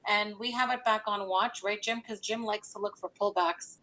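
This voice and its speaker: A woman hosts a trading show and chats about protecting gains. Her speech is loose and full of fillers, at an ordinary pitch for her. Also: steady tone, normal speed, fairly bright tone, low-quality recording. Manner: chatty, with many fillers like "you know". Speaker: stock trading show host. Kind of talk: casual market commentary.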